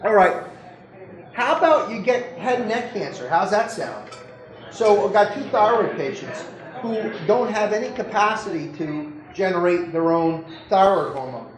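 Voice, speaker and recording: A doctor giving an informal medical lecture to an audience, talking conversationally, joking and putting questions to the listeners. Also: male voice, high-pitched, lively intonation, moderate pace. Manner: conversational, jokey, keeps asking the audience questions. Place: lecture room. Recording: roomy echo with faint background noise.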